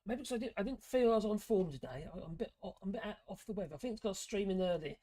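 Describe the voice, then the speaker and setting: A man's voice: sits high, lively intonation, racing, warm tone, dry recording, studio quality. A man hosting a casual live stream, chatting in a rambling way and reading out chat messages while losing his voice.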